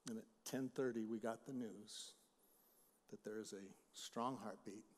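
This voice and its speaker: A middle-aged male pastor preaching a sermon, shifting between loud emphatic lines and quiet storytelling. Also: fairly low pitch, fairly even intonation, unhurried. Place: church sanctuary. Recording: long hall reverb.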